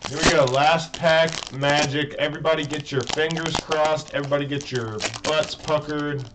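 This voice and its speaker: A man's voice: fairly high pitch, flat delivery, moderate pace, background noise. A man co-hosting a card opening in casual chat, playful and teasing. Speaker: co-host. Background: faint music.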